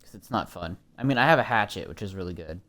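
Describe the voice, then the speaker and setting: With a deep voice and a fast delivery, this young streamer from Minnesota chats with viewers as he plays a horror game. He's relaxed and swears often.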